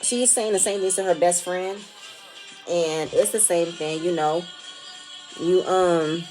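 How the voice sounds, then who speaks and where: A woman's voice: lowish voice, takes it slowly, a little mellow, faint music behind. A young woman giving casual commentary on a reality show, rambling and restarting phrases, emphatic and opinionated. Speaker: reality TV recap vlogger.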